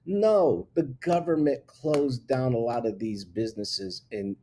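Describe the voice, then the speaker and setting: A man's voice: mid-range voice, measured pace, dark tone, a little hiss or hum. A man hosting his own talk show, ranting bluntly in casual opinion talk and laughing at himself. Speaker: show host.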